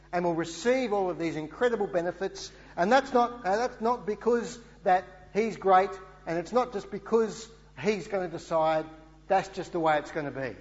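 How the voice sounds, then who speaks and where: A man preaching a sermon in an earnest way, often asking rhetorical questions. The recording sounds dull and has a long hall reverb. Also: fairly high pitch.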